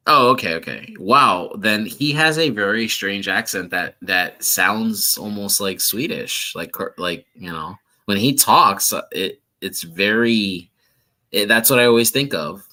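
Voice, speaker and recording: Bright-voiced, eager male podcast co-host. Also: on the low side, lively intonation, a little slow. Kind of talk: casual chat.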